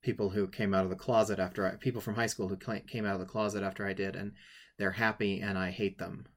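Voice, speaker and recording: A man with a fairly low voice speaks haltingly, stumbling over his words and restarting often. He is tearful as he shares a personal story, and he guides listeners through a writing exercise. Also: flat delivery, fairly bright tone. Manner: halting, emotional, many restarts. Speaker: writing workshop leader.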